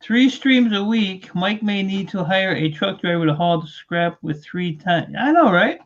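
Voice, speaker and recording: A high-voiced man throws out quick wisecracks in casual stream banter. The sound is muffled and lo-fi. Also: expressive. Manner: joking, quick quips.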